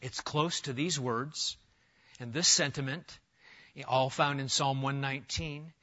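A middle-aged man preaching an expository sermon, emphatic and animated, often restarting his phrases. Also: medium pitch, unhurried, dull audio. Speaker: pastor.

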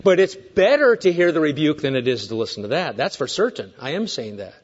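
A man in his sixties preaching a sermon as pastor, swinging between hushed asides and raised emphatic points with joking digressions. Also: on the high side, big pitch swings, a little fast, lo-fi sound.

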